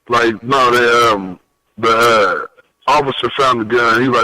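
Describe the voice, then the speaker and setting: A man as a podcast guest telling a story in a lively, profane way, with big pitch swings when he quotes people. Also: measured pace, dry recording, poor audio. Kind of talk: animated storytelling.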